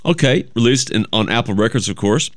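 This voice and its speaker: A man's voice: mid-range voice, lively intonation, a little fast, no room sound, studio quality. A man hosting a radio music show, chatting loosely between songs and reading notes aloud. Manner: rambling, chatty, self-correcting. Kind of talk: casual radio chat. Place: radio studio. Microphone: studio mic.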